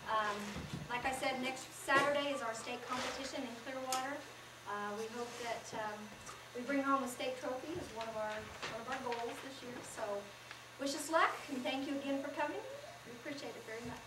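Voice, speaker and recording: A woman's voice: sits high, fairly even intonation, fairly quick. A woman from the team thanking the audience in a casual way with fillers, in a school auditorium. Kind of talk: casual thank-you announcement. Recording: echoey room, from far off, noise.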